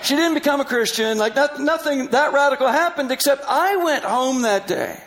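A man with a strikingly high voice tells a personal story in an animated way. He laughs often and acts out the dialogue as he goes. He is a middle-aged or older Christian missionary. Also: normal speed, background noise.

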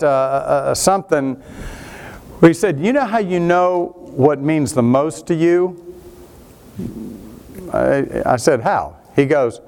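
Animated male preacher with lively pitch. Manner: animated preaching, rising and falling with emphasis. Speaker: pastor. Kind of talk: sermon.

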